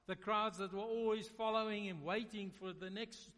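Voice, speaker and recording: A man preaching a sermon, dramatic, swinging between loud emphasis and hushed, quiet lines. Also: sits high, steady tone, normal speed. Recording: long reverb of a large hall.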